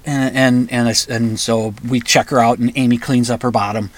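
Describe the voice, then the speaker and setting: This man has a mid-range voice with fairly even intonation and speaks at normal speed. He shares a personal story in a chatty way, backing up to restart and occasionally bursting into raised, angry outbursts.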